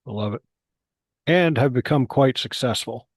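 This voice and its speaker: A man hosting a podcast, asking halting, searching questions full of fillers. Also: mid-range voice, no echo. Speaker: podcast host. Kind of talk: interview questions.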